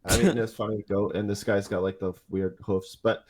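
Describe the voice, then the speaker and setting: A man's voice: fairly low pitch, flat delivery, normal speed, crowd noise. A man co-hosting a casual tabletop gaming podcast, rambling with lots of fillers and restarts. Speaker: podcast co-host.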